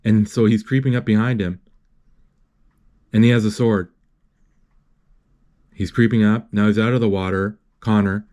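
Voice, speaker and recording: A man's voice: lowish voice, fairly even intonation, a little mellow. A man recapping a film scene by scene while it plays. He stumbles often, breaks off mid-word and corrects himself, in a plain, casual way of talking. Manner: halting, with many restarts and self-corrections. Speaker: movie recapper. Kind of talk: live retelling of a movie as he watches.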